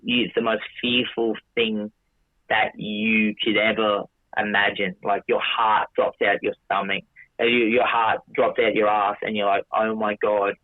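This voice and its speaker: A man's voice: lowish voice, flat delivery, a little slow, dry recording. A man telling a long story casually, with many restarts, swearing, and quoting himself in dialogue. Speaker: podcast guest. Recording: dry tinny phone-like audio.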